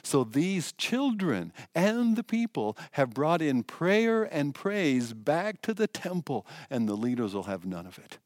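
A male pastor preaching a sermon in an emphatic way, swinging between loud passages and hushed ones. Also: a little high, sing-song, unhurried, hardly any pauses, no echo.

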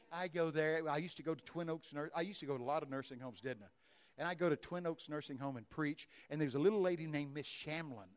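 A male Baptist preacher, telling folksy stories in a sermon and breaking into sudden loud bursts. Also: fairly high pitch. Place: church.

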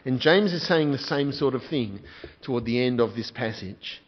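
A man's voice: medium pitch, lively intonation, moderate pace, dull audio. A man preaching a sermon as a pastor, earnest and putting direct questions to his congregation.

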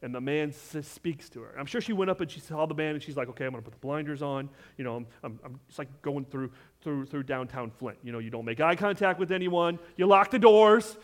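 Brief: male pastor, mid-sermon, animated, quizzes the room, drops to hushed asides, voice sits a bit high. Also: fairly quick, few pauses. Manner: animated, questions the congregation directly; swings between loud emphasis and hushed asides.

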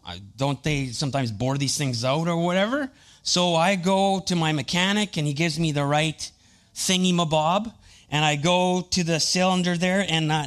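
A man's voice: on the high side, fairly bright tone. A man in his thirties, a pastor preaching a sermon, telling personal family and boat stories in a chatty, self-deprecating way.

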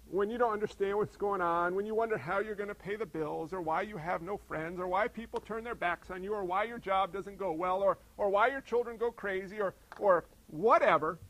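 A man's voice: high-pitched, gravelly, poor audio. A man preaching a sermon in a conversational way, posing rhetorical questions and repeating phrases to a congregation. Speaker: pastor.

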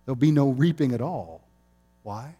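Mellow-voiced man preaching conversationally. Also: medium pitch, expressive, moderate pace, breathy edge, highs cut off. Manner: conversational, chuckling often. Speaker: pastor. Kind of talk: sermon. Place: chapel.

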